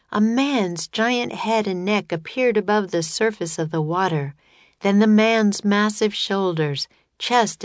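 Woman reading a kids story, lowish voice, super dry close sound. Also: no echo. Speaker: audiobook narrator. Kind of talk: scripted narration.

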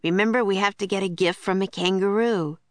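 A woman's voice: mid-range voice, steady tone, brisk, no echo, close to an everyday voice. A woman reading a sensible young boy.

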